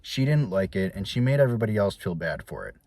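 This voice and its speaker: A man's voice: on the low side, very animated, fast talker, darkish tone. A young man telling personal stories to his viewers in a casual, rambling way, with many restarts and fillers. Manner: quotes others in raised voices. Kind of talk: casual storytelling to camera.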